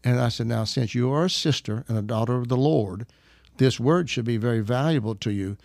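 A man's voice: mid-range voice, a little fast, a little mellow, no room sound, studio quality. A man from Arkansas telling a story in casual conversation, chuckling as he goes. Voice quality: gravelly, laughs while telling stories.

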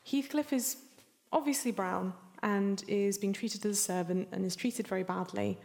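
A woman author reading a passage of her novel aloud at a live event, softly and measured. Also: mid-range voice, gravelly. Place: event hall with audience. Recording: long hall reverb.

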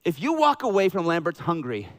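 A man with a Southern American accent preaching a sermon to his church, telling jokey stories with bursts of excitement. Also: on the high side, brisk. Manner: jokey, animated storytelling with bursts of loud excitement. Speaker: pastor. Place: church sanctuary with a congregation.

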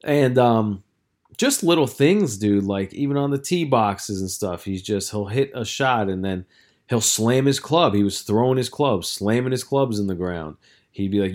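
A man's voice: mid-range voice, normal speed, darkish tone. A young man hosting a casual solo podcast as a coach, telling stories in a rambling, profane way with lots of filler words.

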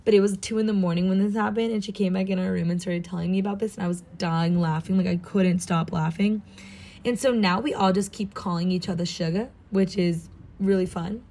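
A woman's voice: medium pitch, fairly even intonation, brisk, warm tone. A young American woman from Southern California, studying abroad and chatting casually in a bubbly, gushing way, saying "like" a lot and sounding tired and jet-lagged. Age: young adult. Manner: bubbly and gushing, heavy use of "like". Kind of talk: casual vlog chat.

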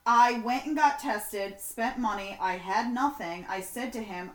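A woman's voice: mid-range voice, animated, moderate pace, hardly any pauses. Young woman telling candid stories, roomy. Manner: candid, profane storytelling. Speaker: podcast co-host. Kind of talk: casual chat. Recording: roomy echo.

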